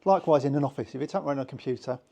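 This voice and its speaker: Speaking very fast in a dark, mid-range voice with vocal fry, a British hypnosis instructor chats informally with a small group. He acts out little voices to illustrate his examples.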